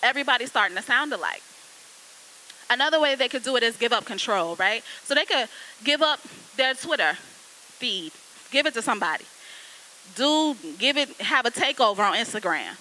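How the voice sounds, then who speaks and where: Lively, conversational woman with a bright voice. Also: on the high side, moderate pace, pauses often, a little hiss or hum, poor audio. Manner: lively, conversational, colloquial, addresses students directly. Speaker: guest speaker, copywriter. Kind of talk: casual classroom talk.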